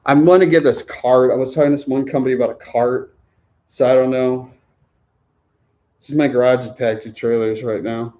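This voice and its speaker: A man's voice: mid-range voice, steady tone, brisk, dark tone, muffled recording. A man chatting casually on a livestream Q&A, rambling, chuckling often and restarting his sentences. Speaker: livestream host answering viewer questions.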